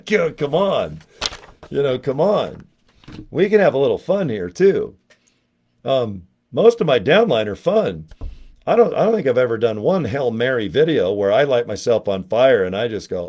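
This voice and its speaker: A man at a middle pitch rambles through a comic vlog monologue. He jokes constantly, laughs at his own lines and drops into goofy voices mid-sentence. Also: lively intonation, normal speed, darkish tone. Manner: joking, laughs often, does silly voices. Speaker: network marketing vlogger.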